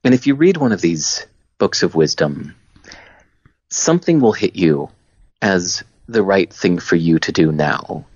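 A man, a guest on a podcast, telling stories in a relaxed, expressive way. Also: sits low, unhurried, dry recording. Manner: animated storyteller, expressive. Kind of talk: casual podcast conversation. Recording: dull lo-fi, dry sound.

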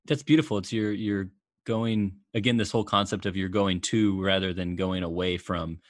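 A man with a low voice hosts an interview and reflects on what his guest says. He speaks in a thoughtful, halting way and often repeats words as he searches for them. The sound is dry, with no room echo. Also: steady tone. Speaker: host. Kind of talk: interview questions.

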